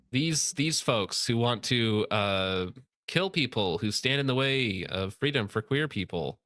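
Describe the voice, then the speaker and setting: A man's voice: medium pitch, very animated, a little slow, sharp tone, dry recording, studio quality. A man hosting a casual commentary show, reading posts aloud and mocking them sarcastically. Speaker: show host.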